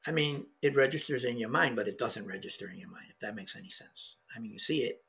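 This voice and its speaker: A middle-aged man telling a personal story in an emotional, halting way, with many restarts. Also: mid-range voice, animated, gravelly, a bit bright, breathy edge. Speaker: podcast guest.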